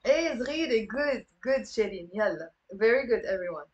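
Woman, Lebanese accent, language teacher, live online class, encouraging, slightly high voice. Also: fairly quick, highs cut off. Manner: lively and encouraging, mixing English with Arabic.

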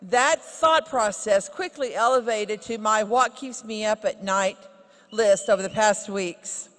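A woman's voice: mid-range voice, measured pace. A woman from Oklahoma giving a heartfelt commencement speech from a written text at a podium, with light humorous asides. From Oklahoma, USA. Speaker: honorary degree recipient giving a commencement speech. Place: large ceremony hall. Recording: reverberant ceremony hall.

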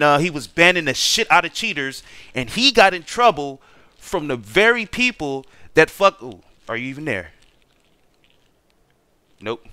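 Gaming streamer, young man, slightly high, bright tone, profane exasperated rant. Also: clean tone, dry recording. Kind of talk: casual gameplay commentary.

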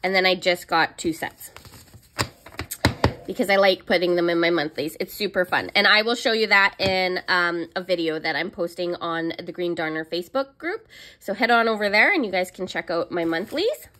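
A woman's voice: lowish voice, lively intonation, normal speed, pushed and bright. A young woman chatting casually in a haul vlog, gushing and squealing over cute planner stickers. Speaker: planner vlogger.

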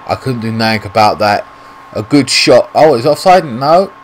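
A gaming YouTuber from Britain, speaking with a British accent in an animated, medium-pitched voice at normal speed, commentates live on his own football video game. He swears often and talks to himself in frustration, and there's a little hiss or hum on the recording.

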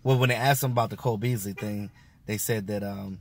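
Rambling low-voiced man talking football. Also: fairly even intonation, fairly quick. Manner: loose, rambling, many fillers and restarts. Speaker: sports fan vlogger. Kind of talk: casual reaction commentary.

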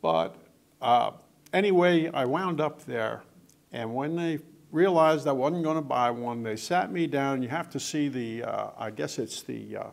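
A man's voice: medium pitch, lively intonation, a little slow, gravelly. An older man, an author, chatting and telling anecdotes with lots of quoted dialogue. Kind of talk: casual storytelling in conversation.

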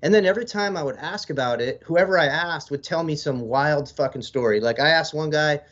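A man's voice: fairly high pitch, a little fast, a bit bright. A man in his forties, a military veteran guest on a podcast, telling long rambling stories in casual, profane language. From United States. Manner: profane, rambling, laid-back storyteller. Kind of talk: casual storytelling in an interview. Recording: slightly dull lo-fi audio.

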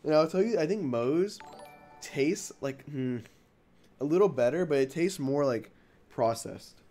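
A man's voice: on the high side, expressive, a little slow, dark tone, faint music behind. A young man chatting casually on a livestream, reading out viewer questions. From Texas. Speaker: streamer reading chat.

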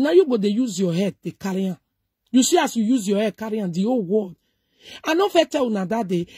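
A woman's voice: a little high, dark tone, husky, no room sound, clean studio sound. A middle-aged woman with a Nigerian accent giving emphatic, preachy commentary, mixing Pidgin and English. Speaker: social media commentator. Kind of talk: casual commentary.

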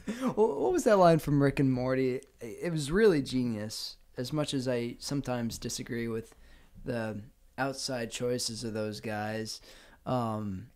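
A man's voice: mid-range voice, unhurried, a little mellow. A man chatting as a guest on a casual podcast, asking questions and chuckling. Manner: curious, asks questions, chuckles.

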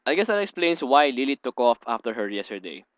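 A young man hosting a let's play, reading a visual novel aloud and breaking off into rambling, giggly asides. His voice is smooth and clean, and it sits right at a dry desk microphone with no room sound. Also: medium pitch, sing-song, fast, no echo.

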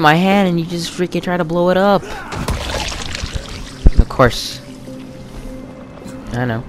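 A man giving rambling, chatty let's-play commentary while gaming with a friend, full of fillers and sudden excited yelps. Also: high voice, slow pace, over music. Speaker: gamer playing co-op with a friend.

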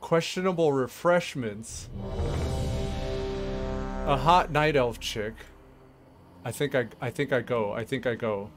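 A man's voice: medium pitch, slow, long pauses, music in the background. A man giving casual, rambling commentary while playing a game, laughing often and talking to himself. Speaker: gameplay streamer.

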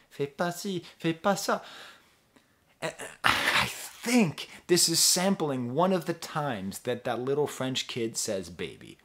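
Reviewing an album in a relaxed way, a man thinks aloud, rambling, interrupting himself and letting sentences trail off. He's a music reviewer who sometimes sings bits in falsetto.

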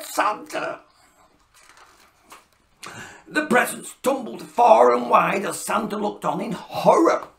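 A woman narrating a children's story in a playful, expressive voice, host of her own reading channel. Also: on the high side, slow, creaky, long pauses.

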